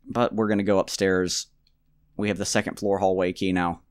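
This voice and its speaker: A man's voice: deep voice, little pitch movement, normal speed, dry recording, clean studio sound. A man casually commenting on his own gameplay, rambling and joking to himself with mock outbursts. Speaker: let's play gamer.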